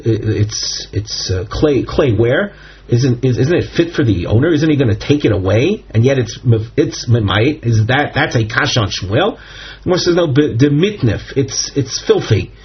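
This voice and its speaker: A man's voice: mid-range voice, husky. A man teaching a Talmud class, explaining step by step and often repeating himself as he reads and translates. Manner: explains step by step, repeats terms, many fillers. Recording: muffled lo-fi recording.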